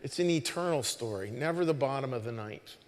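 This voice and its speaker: A male pastor talks to his congregation from a church stage in a loose, conversational way, often restarting his sentences and adding "you know". His voice is of middling pitch, and a long hall reverb trails after it. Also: expressive, a little fast. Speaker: pastor hosting the service. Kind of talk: informal sermon talk to a congregation.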